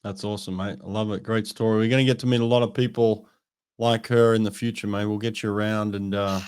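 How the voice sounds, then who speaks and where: A man's voice: on the low side, flat delivery, quick pace, darkish tone, smooth. A man hosting a podcast interview, chatting casually and encouraging his guest, calling him "mate". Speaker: podcast host.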